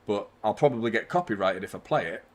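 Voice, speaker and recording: A man's voice: fairly low pitch, lively intonation, quick pace. A man hosting a live football watchalong, giving chatty, partisan fan commentary and swearing freely.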